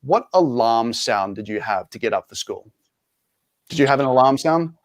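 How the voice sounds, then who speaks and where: Casual guest: Australian man, laughs a lot, animated anecdotes, dry close sound. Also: medium pitch, normal speed, no echo. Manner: laughs often, animated retelling of stories. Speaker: guest actor. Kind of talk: casual podcast chat.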